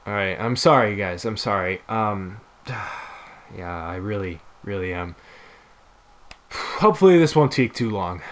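A man commentating on his own gameplay in a casual, excitable, goofy way. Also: on the low side, over music. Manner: excitable and goofy, with quick bursts of exclamations. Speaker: gaming video host.

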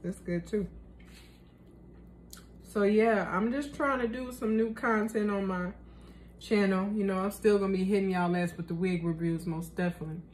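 A woman's voice: mid-range voice, fairly even intonation, fairly quick, a little mellow, slight background noise. A young woman chatting casually in a cooking vlog, slangy and talkative, tasting her food as she talks. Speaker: vlogger.

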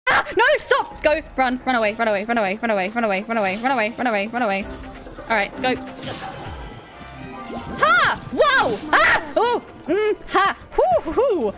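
A woman's voice: high-pitched, very animated, normal speed. A woman streaming video games, chatting playfully, giggling often and letting out sudden shrieks. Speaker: game streamer. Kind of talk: live-streamed gameplay chat. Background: game music.

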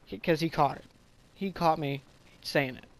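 A vlogger tells a casual story in a slightly high voice at normal speed, rambling with heavy fillers and the occasional curse. He stumbles often and keeps restarting, with little polish.

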